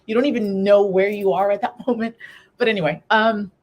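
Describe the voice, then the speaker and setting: A woman's voice: medium pitch, steady tone, a little fast, muffled recording. A woman guest in a live interview, telling a personal story in an earnest, candid way and acting out past conversations. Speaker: guest, breast cancer survivor and coach.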